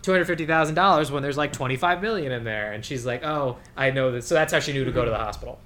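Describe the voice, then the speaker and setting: A man chatting about a movie on a podcast, animated, laughing often and saying "like" a lot. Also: mid-range voice, rapid-fire, slight background noise. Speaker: podcast co-host. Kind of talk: casual chat.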